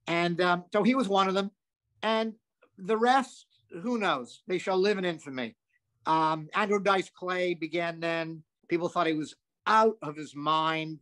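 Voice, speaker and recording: An older man, a comedian guest, telling animated anecdotes with lots of asides and some swearing. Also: a little high. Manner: animated, profane, rambling with asides. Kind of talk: anecdotal storytelling.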